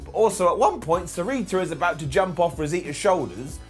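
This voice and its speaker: A man delivers a jokey retro wrestling review in a raised, lively voice that swings up and down. He is sarcastic and animated and laughs at his own gags. Faint music plays under him. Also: high-pitched, brisk. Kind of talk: comedic retro review commentary.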